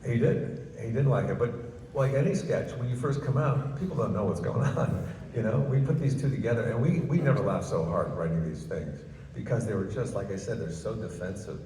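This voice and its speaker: A guest comedian, an older man, tells chatty stories on a book festival stage, clearly amused with himself, his lowish, dark voice lively and fairly quick. The big ballroom makes the distant recording echoey and noisy.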